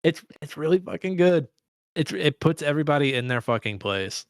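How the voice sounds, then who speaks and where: A man co-hosting a film podcast, talking in a profane, excitable, rambling way. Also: a little high, brisk, no room sound, studio quality. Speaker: podcast co-host. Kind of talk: casual film discussion.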